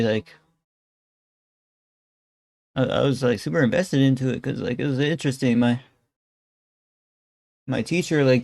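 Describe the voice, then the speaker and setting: A man's voice: mid-range voice, a little mellow, dry recording. A young man streamer giving rambling, slangy reaction commentary into a close mic.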